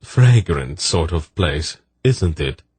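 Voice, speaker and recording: A man's voice: sits low, sing-song, slow, darkish tone, slightly rough, dry recording, exaggerated voice. A man reading as a wry, worldly male character in an audiobook.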